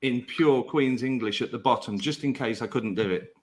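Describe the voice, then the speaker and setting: A man's voice: medium pitch, normal speed, crowd noise. A man co-hosting a podcast, reading listener questions aloud and giggling between them. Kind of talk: casual podcast chat.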